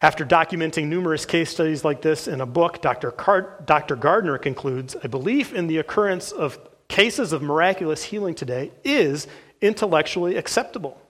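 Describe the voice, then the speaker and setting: Reading case accounts from a book as part of his sermon, this male pastor speaks fairly quickly in a slightly high voice. He keeps an earnest, steady tone, dropping in an "uh" now and then.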